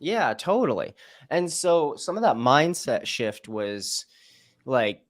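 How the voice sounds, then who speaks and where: A man hosting a casual interview, encouraging his guest with short affirmations and relaxed follow-up questions. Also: mid-range voice, dry recording, studio quality. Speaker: podcast host.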